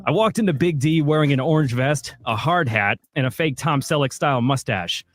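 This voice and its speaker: A man co-hosting a radio show, reading a scripted comic monologue in a deadpan storytelling manner. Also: medium pitch, a little fast. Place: radio studio. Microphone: studio mic.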